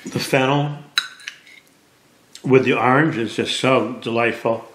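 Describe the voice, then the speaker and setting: A man's voice: medium pitch, steady tone, slow pace, fairly bright tone. A man, a cooking show chef, giving casual commentary as he tastes a dish and talks while eating. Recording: roomy kitchen echo, faint clatter.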